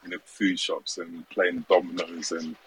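A man's voice: deep voice, flat delivery, unhurried, a loud crowd, rough recording. A man co-hosting a podcast, talking casually with lots of hesitations and restarts. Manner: hesitant, many fillers and restarts. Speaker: podcast co-host. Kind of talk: casual chat.

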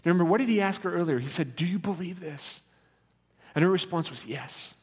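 A man's voice: high-pitched, fairly quick, breathy edge, in a large hall. A man preaching a sermon in an earnest, conversational teaching manner with rising emphasis. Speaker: pastor.

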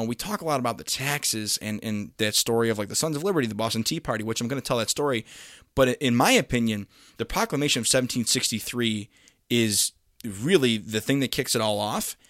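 A man explains history in a relaxed lecture, stumbling over fillers and restarts and then punching key points with emphasis. His voice sits at an ordinary middle pitch. The recording is dry and close, with no room sound. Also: no room sound. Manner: conversational, many fillers and restarts, lively emphasis. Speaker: history teacher. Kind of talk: casual lecture.

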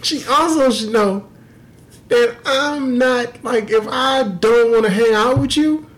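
A young man on a podcast, telling a story in an animated, profane way and laughing through the punchlines. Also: extremely high pitch, slow. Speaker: podcast co-host. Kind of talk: casual storytelling.

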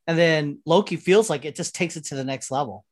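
A speaker in casual chat about TV shows. The voice is excitable, laughs often, swears, and acts out the scenes. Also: medium pitch, brisk.

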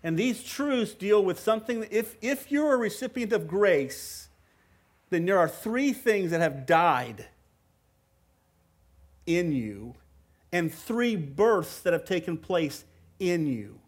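High-voiced emphatic male preacher. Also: animated, slow. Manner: emphatic, conversational, repeats words when pressing a point. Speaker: pastor. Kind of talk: sermon.

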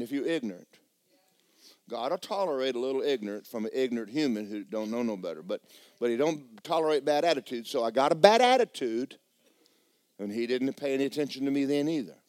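A male pastor preaching a sermon with animated, folksy, joking storytelling. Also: mid-range voice, no room sound.

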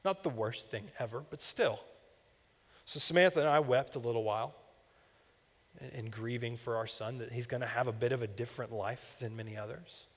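A man's voice: mid-range voice, fairly quick, husky. A young man, a campus minister, preaching a sermon in a conversational, storytelling way. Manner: conversational, personal storytelling with asides. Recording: long reverb of a large church hall.

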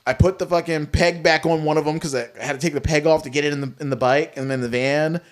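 A young man spins a long, foul-mouthed story among friends. His voice sits a little high, and he talks in a loose, animated way, stumbling over restarts and stacking up "like"s. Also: fast. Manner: animated, profane, many likes and restarts. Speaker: guest telling a story.

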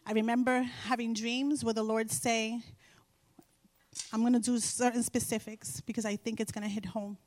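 A middle-aged woman sharing a Christian testimony with an audience, telling her story in an animated way and repeating phrases for emphasis. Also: fairly high pitch, normal speed. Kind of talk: faith testimony told to an audience.

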